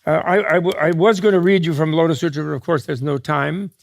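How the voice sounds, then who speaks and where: Steady in tone, high-leaning and creaky, a man gives a dharma talk to an audience as a Buddhist teacher. He keeps drifting into digressions and jokes, restarting thoughts partway and laughing through quick asides.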